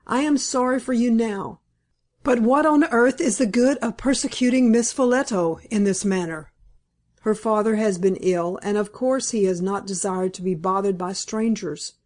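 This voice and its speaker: Brusque storybook gentleman, stern, emphatic, read by a woman, medium pitch. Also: natural voice. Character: stern male country gentleman, impatient.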